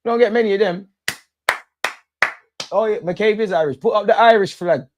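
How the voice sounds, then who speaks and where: A young man hosting a live football watch-along, excitable and slangy, shouting out his viewers. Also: high voice, moderate pace, muffled recording, noisy background. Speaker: fan channel host.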